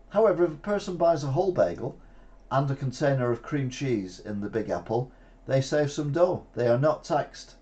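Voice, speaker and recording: Male host, casual news riffs, mid-pitched. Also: normal speed, mellow. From Britain. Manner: reads headlines then riffs with asides. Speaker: host of a live weekly news show.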